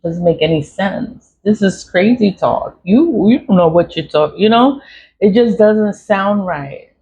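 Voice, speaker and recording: This spiritual vlogger's medium-pitched voice is animated and unhurried with a darkish tone. The monologue is casual and rambling: emphatic, repetitive in phrasing, and freely profane, recorded lo-fi and dull with faint noise.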